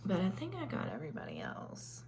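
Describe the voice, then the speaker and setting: A woman's voice: lowish voice, wildly swooping pitch, brisk, gravelly, darkish tone, slight background noise. A woman from Kentucky with a Southern accent, hosting a casual makeup live stream and chatting with viewers by name between many ums.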